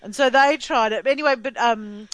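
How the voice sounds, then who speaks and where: A woman's voice: fairly high pitch, normal speed, a bit bright, rough recording. A woman co-hosting a podcast in casual chat, rambling with lots of fillers and frequent laughter. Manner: chatty, laughing often, rambling with many fillers. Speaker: podcast co-host.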